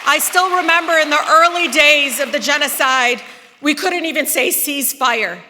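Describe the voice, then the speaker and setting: A woman, giving an impassioned political speech from a podium, rising to loud, emphatic peaks. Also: sits high, moderate pace, a faint crowd. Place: large hall. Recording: long reverb of a large hall.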